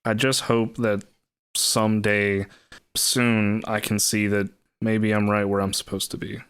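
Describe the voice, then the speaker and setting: A man's voice: lowish voice, flat delivery, a little slow, a bit bright, clean tone, no echo. A man playing his character in a tabletop game, talking casually and earnestly.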